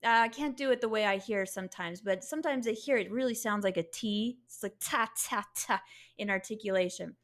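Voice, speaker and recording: A woman's voice: medium pitch, quick pace, hardly any pauses. Woman saxophone teacher, patient, walks through each step, sounds out little syllables. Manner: patient, explains step by step with spoken syllable demonstrations. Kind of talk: music lesson demonstration.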